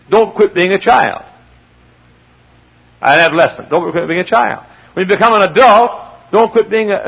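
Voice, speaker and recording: A man preaching a sermon, telling stories with animation and building to shouts. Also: a little high, slightly rough. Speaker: pastor. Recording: dull lo-fi archival sermon tape.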